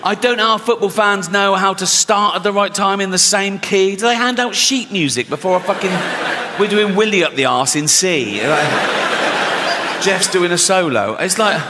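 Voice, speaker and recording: A man's voice: sits high, moderate pace. A man performing stand-up comedy in a chatty, storytelling way, often checking in with the audience and acting out what people said. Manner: conversational, keeps asking "right?", acts out quotes. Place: large live venue with audience. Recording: live hall reverb, faint room noise.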